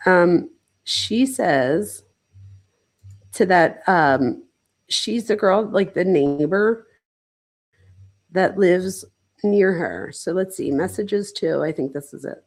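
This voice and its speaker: A woman's voice: lowish voice, slow pace, pauses often. A woman psychologist hosting a casual true-crime livestream, talking loosely with frequent "like"s and self-corrections. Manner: chatty and loose, with many "like"s and self-interruptions.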